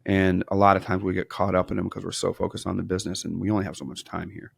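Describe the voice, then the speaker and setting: A man in his thirties from Wisconsin speaks as a guest on a podcast, telling stories about his life and his business. His voice sits fairly low and has a gravelly edge. The sound is dry and close, and he acts out the people in his stories as he goes. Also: fast, dry recording. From Wisconsin, USA. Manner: animated storyteller, acts out quoted dialogue. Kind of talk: casual interview storytelling.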